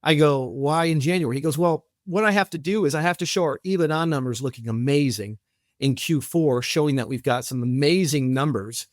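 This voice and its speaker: He's a podcast guest who founded a company, and he tells his stories animatedly, acting out quoted dialogue and restarting frequently in a casual interview. The voice sits on the high side and moves fairly quickly, studio quality with no echo.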